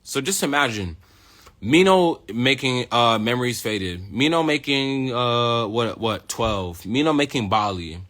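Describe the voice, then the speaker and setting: A young rapper from the United States, a man, delivering a profane, boastful rant straight at his listeners. His voice sits at an ordinary middle pitch while he picks fights and brags about his own work. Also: animated, a little slow, a bit bright. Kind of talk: ranting monologue.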